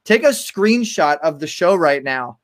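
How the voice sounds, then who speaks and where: A man's voice: a little high, expressive, measured pace. Man guest on a live stream. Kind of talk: casual live-stream talk.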